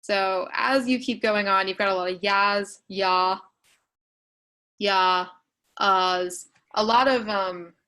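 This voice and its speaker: A woman leads an online writing workshop and talks through examples in a relaxed, conversational way. She uses plenty of fillers and quick asides as she goes. The sound comes through like a video call. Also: medium pitch, clean tone, poor audio. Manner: casual, filler-heavy explaining with quick asides. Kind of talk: online class walkthrough.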